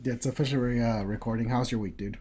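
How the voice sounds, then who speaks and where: A man's voice: mid-range voice, steady tone, fast talker, warm tone, husky. A man co-hosting a casual podcast, rambling and filling gaps with ums and uhs. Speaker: podcast co-host. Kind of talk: casual chat.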